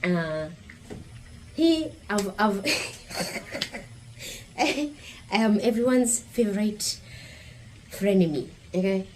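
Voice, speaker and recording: A woman's voice: mid-range voice, expressive, slow, long pauses, a little mellow, slight background noise, low-quality recording. A woman from Kenya with a Kenyan accent, giving blunt, provocative vlog commentary straight to her viewers. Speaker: vlogger. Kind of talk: opinionated casual vlog commentary.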